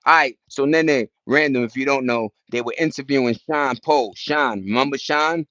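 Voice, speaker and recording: A man's voice: mid-range voice, moderate pace, hardly any pauses, fairly bright tone, dry recording. A young man hosting a casual chat, rambling in slang with many restarts. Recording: dull dry lo-fi sound.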